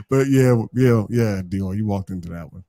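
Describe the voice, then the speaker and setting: A man's voice: on the low side, measured pace, warm tone, no echo, clean studio sound. A man hosting a live call-in chat show, laughing and teasing his co-hosts in loose banter. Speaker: host. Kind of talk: casual chat.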